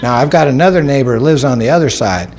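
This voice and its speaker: A man's voice: medium pitch, lively intonation, quick pace, a little mellow. A man telling folksy, humorous stories to an audience, mocking himself with a dry wit. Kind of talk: storytelling talk to an audience.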